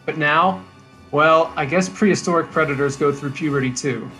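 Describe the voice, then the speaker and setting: A man's voice: a little high, normal speed, sharp tone, soft background music. A man reading the lines of a worried teenage girl who keeps a pet alligator, in an earnest, chatty monologue. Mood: fretful.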